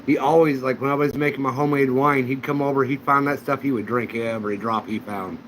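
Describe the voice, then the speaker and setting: A man's voice: mid-range voice, fairly even intonation, fast talker, a bit bright, slight background noise, low-quality recording. Man rambling through casual chat. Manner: rambling anecdotal storytelling. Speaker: channel host.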